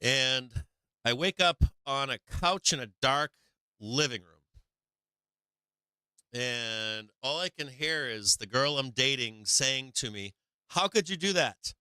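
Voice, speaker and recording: Bright, crisp-voiced man telling a story. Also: mid-range voice, slow, long pauses, dry recording, low-quality recording. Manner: rambling, repeats himself, swears freely. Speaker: host of a live stock market show. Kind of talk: casual storytelling on a live stream.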